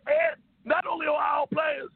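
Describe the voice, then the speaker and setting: Guy putting on a squeaky high rowdy old uncle, gravelly, bragging and shouting on a radio show. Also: flat delivery, normal speed, no echo. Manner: stammering, boastful, bawdy jokes. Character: rowdy boozy old man Uncle Ike. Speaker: regular comic character. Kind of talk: comic radio call-in bit. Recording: tinny phone-line radio audio.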